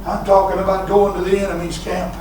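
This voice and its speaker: Male pastor, high and bright, shouting sermon, picked up from afar in an echoey church. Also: level tone, fast, far from the mic, slight background noise. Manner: shouting preacher who punctuates lines with "huh?" and "uh". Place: church sanctuary.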